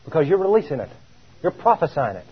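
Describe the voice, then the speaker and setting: A man delivers a sermon in a husky, fairly high voice, leaning hard on his words and stretching them out. He keeps asking his listeners rhetorical questions. The recording is dull and lo-fi. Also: sing-song. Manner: emphatic, drawn-out, rhetorical questions. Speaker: preacher.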